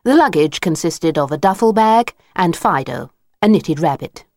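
A woman narrating a children's storybook, expressive and unhurried. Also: on the low side, no echo, studio quality.

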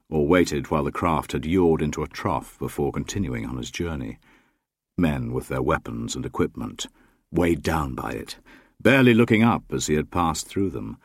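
A man with a very low voice reads a novel aloud in a measured, steady way. The sound is close and dry, with no room around it. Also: no echo. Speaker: audiobook narrator. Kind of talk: scripted narration.

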